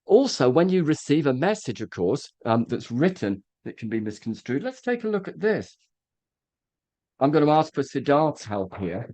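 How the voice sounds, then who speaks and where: Animated man coaching presenters. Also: on the high side, moderate pace, dry recording. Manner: animated, demonstrative, with frequent fillers. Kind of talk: live workshop talk.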